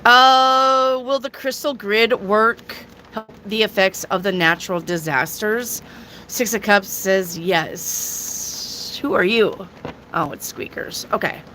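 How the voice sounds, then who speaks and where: A woman's voice: mid-range voice, slow, sharp tone, a little hiss or hum. A woman giving a casual live tarot reading to viewers, chatty and jokey with crude asides. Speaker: tarot reader.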